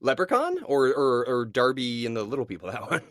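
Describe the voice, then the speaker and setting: A man's voice: mid-range voice, very animated, brisk, no room sound, studio quality. A young man co-hosting a podcast in casual chat, enthusiastic and laughing often. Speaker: podcast co-host.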